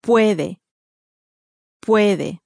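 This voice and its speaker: A woman modeling single words for learners to repeat, slowly and deliberately. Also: mid-range voice, creaky, darkish tone, slightly rough, no room sound, studio quality. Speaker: course speaker modeling pronunciation.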